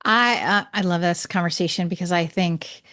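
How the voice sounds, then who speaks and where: A middle-aged woman hosts a podcast, speaking in a slightly low voice. She sounds reflective and easygoing, working through her thoughts as she asks questions. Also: moderate pace, a bit bright. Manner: reflective, thinks aloud. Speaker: podcast host. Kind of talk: casual podcast interview.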